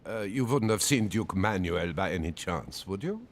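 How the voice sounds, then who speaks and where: A man's voice: low-pitched, lively intonation, moderate pace. An actor playing a polite, hesitant male courtier in a video game. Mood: inquiring.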